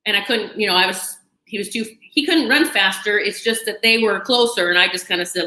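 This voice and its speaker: A woman's voice: mid-range voice, a little fast, pushed and bright. A woman host telling a personal story to camera in a chatty, dramatic way, with asides and laughter. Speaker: channel host. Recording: echoey room.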